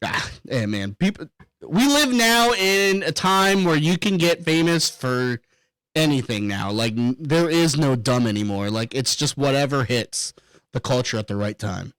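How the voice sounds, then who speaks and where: A man hosting a podcast in casual chat, excitable, laughing often and swearing a lot. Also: medium pitch, a little slow, clear, resonant tone, no room sound, poor audio. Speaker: podcast host.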